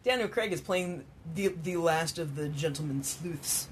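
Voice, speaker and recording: A man's voice: on the high side, a little slow, a little hiss or hum. A man co-hosting a podcast, chatting casually and enthusiastically, laughing often, and sounding worn out. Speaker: podcast co-host. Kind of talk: casual chat.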